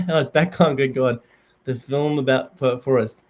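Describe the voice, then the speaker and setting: A man hosting a comedy live stream, talking in a halting, deadpan way with many fillers. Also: medium pitch, lo-fi sound.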